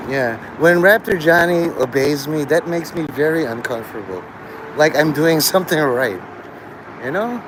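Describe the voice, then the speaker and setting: Rambling, crude man with a lively voice. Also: a little high, normal speed, noisy background. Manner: crude, rambling, laughs at own jokes. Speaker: livestream host. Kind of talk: rambling livestream chat.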